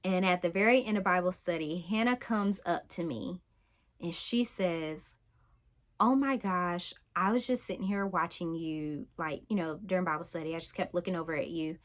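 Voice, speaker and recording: A woman's voice: lowish voice, normal speed. A young adult woman speaking candidly in a personal vlog, telling her own story in a conversational way with lots of fillers. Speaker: vlogger.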